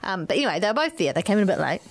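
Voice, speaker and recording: A woman with a New Zealand accent, co-hosting a podcast and telling stories in an animated, chatty way. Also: medium pitch, very fast. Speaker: podcast co-host. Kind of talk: casual chat.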